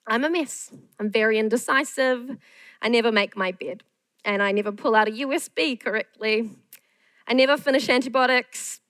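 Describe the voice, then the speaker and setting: Woman screenwriter, fairly high voice, dry close sound, candid and joking with the crowd. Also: a bit bright, smooth, no room sound, poor audio. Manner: self-deprecating, frank, joking. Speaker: screenwriter giving a masterclass. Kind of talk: candid masterclass talk.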